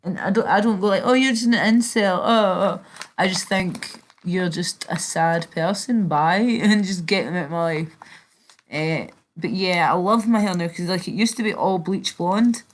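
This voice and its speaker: Young British woman, casual live-stream chatter, lower register, loose and sweary. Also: moderate pace. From Britain. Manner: chatty, sweary, reads and answers chat. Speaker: livestreamer.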